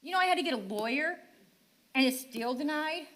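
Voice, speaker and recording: Bright-voiced frustrated woman pleading. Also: high-pitched, lively intonation, fairly quick. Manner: frustrated, pleading, rhetorical questions. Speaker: parent speaking at public comment. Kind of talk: impassioned public comment. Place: town council meeting chamber.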